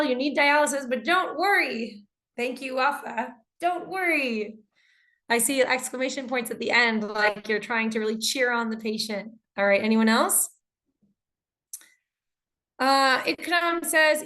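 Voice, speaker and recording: Female teacher on a video call, slightly high voice, gives feedback on student answers. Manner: reads student answers aloud and comments warmly on them. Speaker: English teacher. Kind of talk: online class teaching.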